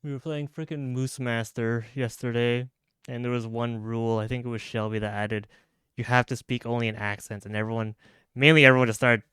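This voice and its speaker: A man's voice: medium pitch, fairly even intonation, brisk, fairly bright tone, smooth, dry recording, clean studio sound. A young man streaming live, chatting loosely as he plays and rambles through restarts and slang. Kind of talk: casual live-stream chat while gaming. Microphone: studio mic with pop filter.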